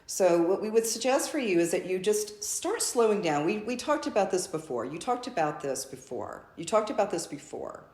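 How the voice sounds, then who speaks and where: Woman spiritual channel: effusive and repetitive, with a swooping, expressive pitch, recorded in an echoey room. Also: moderate pace, few pauses. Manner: speaks as a collective "we", repetitive and effusive.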